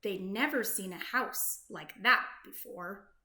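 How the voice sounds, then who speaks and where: Slow sing-song woman reading a storybook. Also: mid-range voice, bright, forceful tone. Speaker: children's book reader. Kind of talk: read-aloud storybook narration. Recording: roomy echo.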